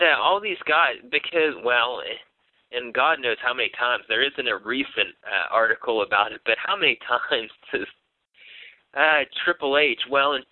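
A man co-hosting a casual wrestling podcast, talking in halting bursts full of fillers and restarts. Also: mid-range voice, no echo. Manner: hesitant, many fillers and restarts. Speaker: podcast co-host. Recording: dry, phone-like narrow sound.

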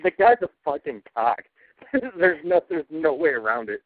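A man's voice: on the high side, expressive, moderate pace, no echo. A man co-hosting a casual talk show, ranting about television with heavy swearing. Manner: ranting, profane, cranky. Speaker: podcast co-host. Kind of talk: casual chat. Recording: tinny phone-like audio, dry.

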